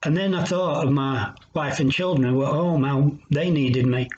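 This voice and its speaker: A man giving a personal testimony in an earnest, reflective way, pausing as he tells his story. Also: a little high, darkish tone. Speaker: Christian recovery speaker. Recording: dull lo-fi sound.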